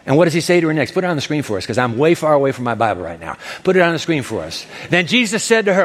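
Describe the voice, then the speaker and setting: A man preaching with big swings in pitch, leaping between his own voice and the voices of the people in the story he tells. His voice sits a little high. The sound carries a long reverb, as in a large church hall. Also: very fast, hardly any pauses. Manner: animated, acts out voices of Jesus and the woman. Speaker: pastor. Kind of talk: sermon.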